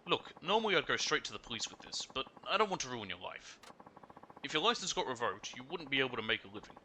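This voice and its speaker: A man's voice: mid-range voice, sing-song, fast, bright, forceful tone, slight background noise, voice pushed up, low-quality recording. A man voicing a smug male con man faking an injury in a crime game, talking in an oily, wheedling way.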